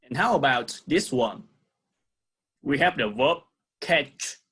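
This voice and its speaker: A man with a Vietnamese accent teaching an English lesson to young pupils, saying words slowly and repeating them for the class. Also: medium pitch, expressive, fairly bright tone, breathy edge. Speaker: primary school English teacher. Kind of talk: recorded online lesson.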